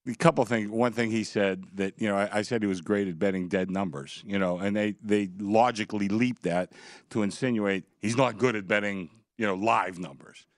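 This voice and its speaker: A man's voice: fairly low pitch, fairly even intonation, dry recording, studio quality. A man who directs a sportsbook, speaking firmly and matter-of-factly as a guest. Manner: measured, firm, matter-of-fact. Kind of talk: radio guest interview.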